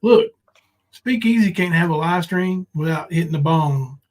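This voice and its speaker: Rambling, higher-voiced man. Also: moderate pace, darkish tone. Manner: rambling, hesitant, with many fillers. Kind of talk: casual livestream chat.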